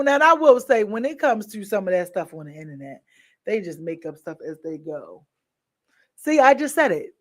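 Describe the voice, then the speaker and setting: A woman hosts a casual live stream chat with her viewers. She talks playfully and laughs often. Her voice swings between loud and soft. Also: a little high.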